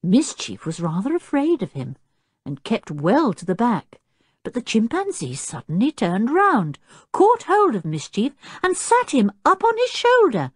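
Expressive woman reading a children's story. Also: fairly high pitch, unhurried, no room sound, studio quality. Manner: clear, expressive storytelling with voices. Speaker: audiobook narrator. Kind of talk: children's audiobook narration.

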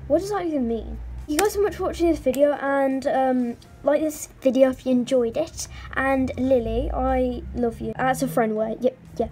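A woman's voice: high-pitched, moderate pace, mellow, faint music behind. A woman hosting a casual game commentary, giggling, teasing and chattering playfully to the characters on screen. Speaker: gaming channel host.

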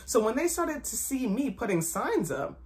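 A woman's voice: on the high side, sing-song, moderate pace, a little mellow. A young woman, host of her own fashion blog, telling a personal story to camera with emphatic repetition and acted-out quotes. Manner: emphatic, repeats phrases for effect.

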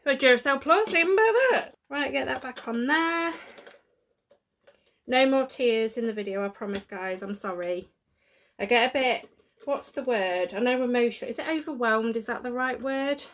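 Her pitch is fairly high and a bit bright, her pace moderate, as this woman films an unboxing at home. She's chatty and self-deprecating, tearing up and poking fun at herself along the way.

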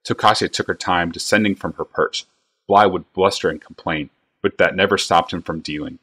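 A man reading a fantasy novel aloud in a steady, measured way. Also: low-pitched, slightly rough. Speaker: reader.

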